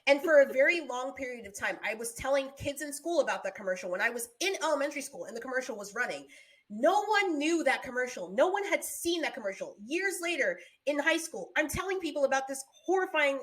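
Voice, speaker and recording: A woman's voice: high voice, fast. A young adult woman co-hosting a podcast, telling stories in casual chat with lots of laughter and acted-out screams. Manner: animated storytelling, laughs often, acts out screams. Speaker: podcast co-host.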